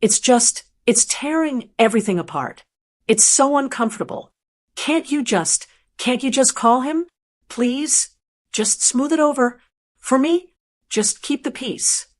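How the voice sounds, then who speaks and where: A woman's voice: high voice, expressive, a little slow, pitched above the performer's own voice. A woman narrator voicing an anxious adult daughter who pleads with her mother to keep the peace, her tone tight and desperate. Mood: pleading.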